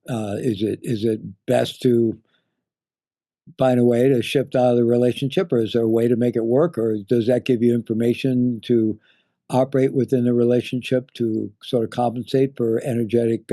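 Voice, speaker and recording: A man's voice: mid-range voice, fairly even intonation, moderate pace, dark tone, no room sound, studio quality. A man hosting an interview, asking thoughtful, somewhat hesitant questions. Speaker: interviewer, summit host. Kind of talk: casual interview conversation.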